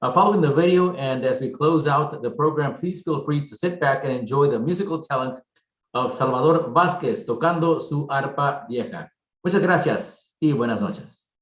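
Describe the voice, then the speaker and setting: A man's voice: medium pitch, moderate pace, reverberant, low-quality recording. A man hosting an online gala, casual and upbeat, thanking guests loosely with fillers. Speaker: event host.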